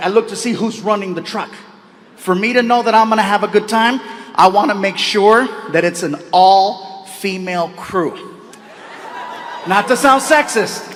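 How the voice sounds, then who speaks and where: A male stand-up comedian tells animated stories on stage in a notably high voice. He throws in sound effects. A faint hum of noise sits behind him.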